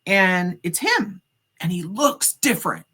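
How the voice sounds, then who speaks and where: A woman's voice: fairly low pitch, measured pace, slightly rough. A middle-aged woman, a psychic medium, telling a story as a podcast guest, acting out the dialogue with many casual fillers. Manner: animated, acts out quoted dialogue, frequent "like" fillers.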